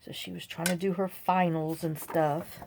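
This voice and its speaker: A woman's voice: fairly low pitch, little pitch movement, moderate pace, darkish tone, slight background noise. An older woman hosting a chatty crafting tutorial, rambling and talking to herself as she works at a home craft table. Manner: rambling, chatty, talks to herself while working.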